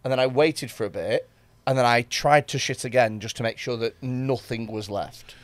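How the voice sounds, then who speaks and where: A man's voice: mid-range voice, normal speed, no echo. A man co-hosting a podcast, telling a comic story in a rambling way, stumbling over his words and laughing at himself. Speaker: podcast co-host. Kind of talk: casual comedic storytelling.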